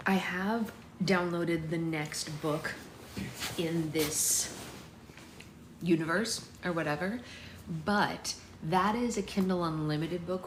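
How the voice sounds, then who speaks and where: Low-voiced, chatty woman hosting a home book club stream; echoey room, faint background hiss. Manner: chatty, greets viewers by name. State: hiccups. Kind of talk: casual livestream chat and read-aloud.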